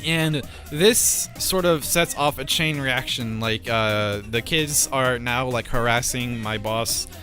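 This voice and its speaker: Bright-voiced young man ranting. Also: medium pitch, takes it slowly, hardly any pauses, soft background music. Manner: rambling and frustrated, heavy fillers and swearing. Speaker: vlogger. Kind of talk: casual storytime rant.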